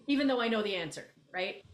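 A woman co-hosting a podcast, telling a story in casual chat, blunt and animated, acting out both sides of a conversation. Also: medium pitch, normal speed, reverberant. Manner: animated, blunt, acts out quoted exchanges. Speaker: podcast co-host, coach.

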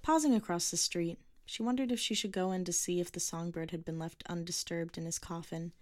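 A woman reads a short story in a measured, even narration. Her voice sits fairly low and the recording is very dry and close, with no room sound. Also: dry recording.

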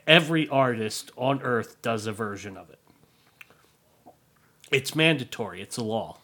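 A middle-aged man co-hosting a podcast in casual chat, explaining things with a dry, deadpan humor. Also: mid-range voice, a little slow. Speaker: podcast co-host.

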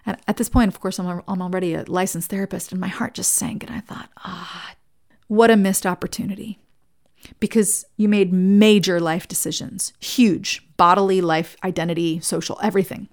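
A woman therapist addresses her peers in an earnest, conversational way and weaves in stories. Her voice has a steady gravelly fry and sits at an ordinary middle pitch. She sounds like a practiced speaker sharing her experience. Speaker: licensed therapist. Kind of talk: talk to fellow therapists.

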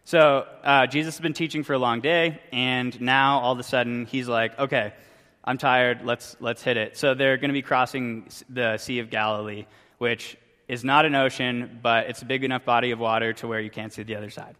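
A man's voice: medium pitch, normal speed. Chatty young man preaching in a hall. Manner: chatty, joking, lively storytelling. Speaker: youth pastor. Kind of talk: casual youth sermon with story. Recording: long reverb from a hall.

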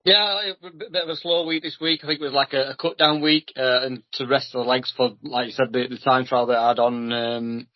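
A man's voice: medium pitch, fairly even intonation, fairly quick, hardly any pauses, no room sound. A man co-hosting a casual podcast, laid-back and hesitant, often restarting his words. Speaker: podcast co-host. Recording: dry lo-fi recording.

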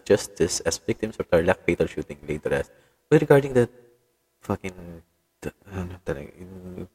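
A man's voice: deep voice, a little mellow, husky, long reverb tail. A Filipino man with a Filipino accent hosting a casual solo podcast, rambling, switching languages and swearing often as he reads the news. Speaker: podcast host.

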